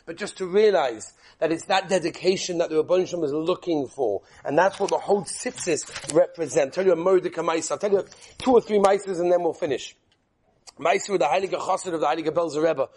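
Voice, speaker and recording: A man teaching a Torah class as an animated sermon, mixing in Hebrew and Yiddish terms and quizzing his listeners. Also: fairly high pitch, fast talker, slightly rough.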